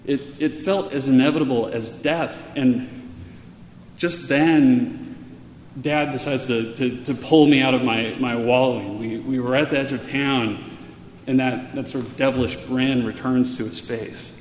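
A man's voice: mid-range voice, fairly even intonation, a little hiss or hum. Man telling a personal story in an echoey hall. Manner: earnest, halting repeats. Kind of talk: personal story told aloud. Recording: echoey hall with faint ambience.

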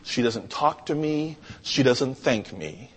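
A man preaching a storytelling sermon, animated, swinging from loud to hushed. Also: mid-range voice, slow, breathy edge. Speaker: pastor. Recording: echoey hall.

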